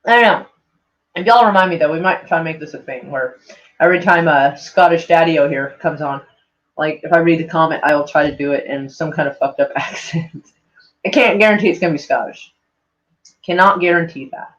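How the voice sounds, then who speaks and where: A man's voice: on the high side, brisk, a bit bright. A man live-streaming in a loose, meandering chat, heavy on "like" and freely swearing, with a mild speech impediment. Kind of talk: casual rambling stream chat. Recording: dull lo-fi home stream audio.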